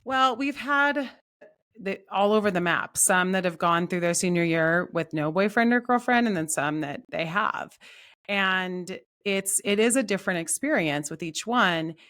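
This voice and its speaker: A middle-aged woman co-hosting a podcast, speaking in a thoughtful, measured way and leading the topics. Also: medium pitch, expressive, fairly bright tone. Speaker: podcast co-host. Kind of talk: casual podcast chat.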